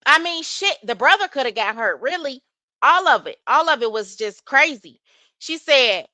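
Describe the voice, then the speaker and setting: A woman reads text messages aloud and reacts to them. Her tone is bright and animated, and she exclaims as she goes. The sound is close and dry. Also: sits high, normal speed, no echo. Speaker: host.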